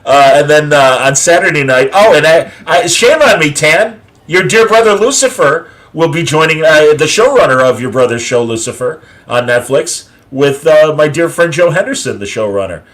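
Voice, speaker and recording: A man's voice: a little high, animated, normal speed, hardly any pauses, fairly bright tone. Rambling man hosting a casual chat. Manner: rambling, filler-heavy listing with frequent uh and restarts. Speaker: podcast host.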